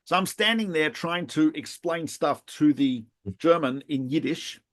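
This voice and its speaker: Speaking at a measured pace in a slightly high voice, this middle-aged rabbi shares lively stories as a podcast co-host. The chat is casual, with laughter and restarts along the way.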